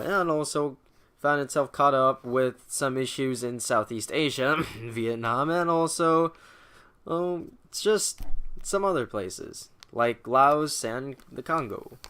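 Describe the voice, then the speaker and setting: A young student recaps history chapters casually, his bright, clean, medium-pitched voice expressive and slow-paced. He's irreverent and profane, mimicking quotes in mock voices, and hesitates with fillers and restarts.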